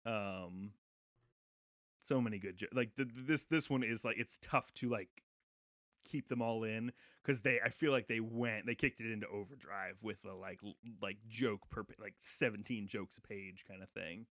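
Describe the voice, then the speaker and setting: A man's voice: lowish voice, moderate pace, fairly bright tone, no echo, clean studio sound. A man co-hosting a podcast, chatting casually about a TV episode in a loose, rambling way full of false starts. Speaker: podcast co-host. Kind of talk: casual chat recapping a TV episode.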